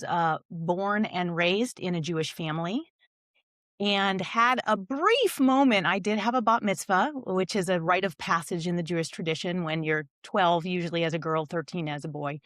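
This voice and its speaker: A woman's voice: on the low side, moderate pace, fairly bright tone, dry recording, clean studio sound. A middle-aged woman speaking from her home as a podcast guest, telling her story in an earnest, reflective way. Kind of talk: podcast interview.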